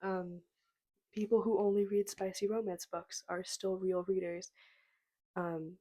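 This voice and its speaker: A young woman talks casually into a small mic at home, her voice a bit hoarse from a cold. She speaks in a flat, even tone at a middling pitch, with frequent ums as she goes. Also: a little slow. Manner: relaxed, frequent ums, soft-spoken. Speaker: book vlogger. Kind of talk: casual talking-to-camera vlog. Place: home room with books behind. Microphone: small clip-on mic.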